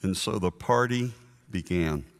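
A man preaching a sermon in a church, slow and earnest, stressing his points through repetition. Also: sits low, animated, long reverb tail. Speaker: pastor.

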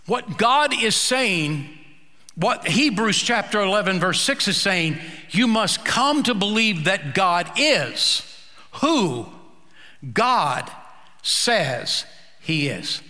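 A male pastor preaching a sermon, slow and emphatic, with dramatic pauses. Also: high-pitched, sing-song, sharp tone, long reverb tail.

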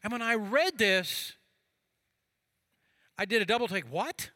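A man, a pastor, preaching a sermon, moving from fervent passages to hushed quiet ones and reading scripture aloud with drama. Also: sits high, expressive, a little slow, no room sound.

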